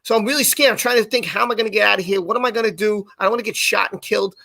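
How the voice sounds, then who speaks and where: A man's voice: high-pitched, racing, creaky, no room sound. Man telling a story on a live stream. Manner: animated, acts out quotes. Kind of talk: casual chat, storytelling.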